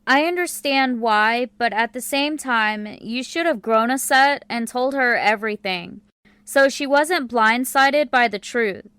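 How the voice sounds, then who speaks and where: A woman reading a calm, blunt young woman of twenty in an audiobook, firm and matter-of-fact. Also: on the high side, unhurried, clear, resonant tone, no echo.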